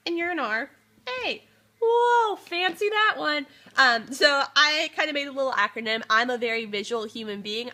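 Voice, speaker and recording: Bright-voiced young woman, earnest and upbeat. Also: mid-range voice. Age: young adult. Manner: earnest and upbeat, with frequent fillers. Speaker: student applying to be a resident assistant. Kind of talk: casual talk to camera in an application video.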